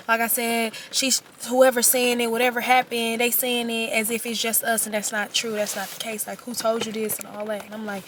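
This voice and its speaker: Young woman, chatty animated storyteller, tense bright voice. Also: a little high, moderate pace, a little hiss or hum. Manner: chatty, animated, slangy retelling with quoted back-and-forth. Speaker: vlogger telling a storytime. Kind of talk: casual storytelling to camera.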